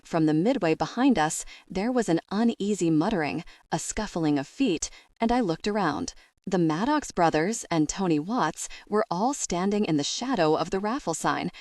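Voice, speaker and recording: A woman narrating a first-person audiobook in a measured, expressive way. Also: lowish voice, no echo, studio quality.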